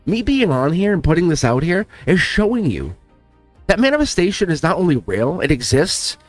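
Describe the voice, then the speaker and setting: Here a tarot channel host, his voice a little high and very animated, speaks at a moderate pace. He offers viewers a sincere, emotional spiritual encouragement, nearly in tears and repeating lines. The sound is dry, with gentle background music.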